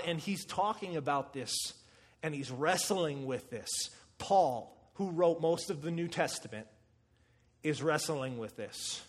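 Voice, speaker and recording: A man preaching a sermon, telling stories with animation and acting out quotes with sudden shouts. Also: fairly high pitch, measured pace, slightly rough. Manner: animated storytelling, acts out quotes with loud shouts.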